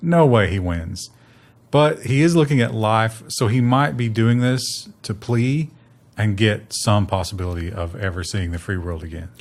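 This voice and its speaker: A man's voice: lowish voice, moderate pace. Joking man co-hosting a news chat. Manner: joking, mock voices, ironic. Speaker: co-host.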